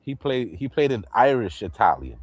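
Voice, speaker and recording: A man hosting a livestream in casual chat, animated, laughing often and swearing freely as he acts out movie lines. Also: fairly low pitch, normal speed. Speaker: livestream host.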